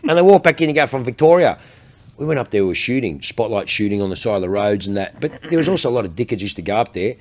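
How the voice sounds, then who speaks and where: A man's voice: fairly low pitch, rapid-fire, hardly any pauses. An Australian man, a luxury car salesman, telling stories on a casual podcast, swearing constantly and full of energy. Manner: profane, animated storyteller.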